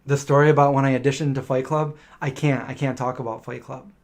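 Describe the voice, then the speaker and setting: Middle-aged guy doing a live q&a stream, normal mid pitch, rambly storyteller who acts out what people said. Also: little pitch movement, quick pace. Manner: rambling anecdotal storytelling, acting out quoted voices. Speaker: live stream host answering viewer questions. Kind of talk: casual live Q&A chat.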